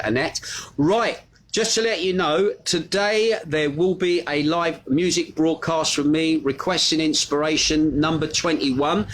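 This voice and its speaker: Guy in his 40s or 50s running a live stream, bit high voice, chatty, waving hello to everyone by name. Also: a bit bright, a little hiss or hum. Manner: chatty, reads out viewers' comments and greets them by name. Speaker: host of a live news stream. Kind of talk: casual live-stream chat.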